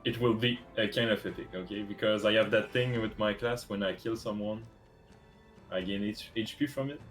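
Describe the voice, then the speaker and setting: Low-voiced man, halting as a player. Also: faint music behind. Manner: halting, with many fillers. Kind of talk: describing his character's actions.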